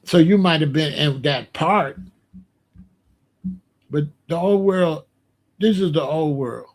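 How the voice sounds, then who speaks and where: A man's voice: fairly high pitch, takes it slowly. A middle-aged man ranting bluntly and profanely in casual commentary, repeating himself and dismissing others.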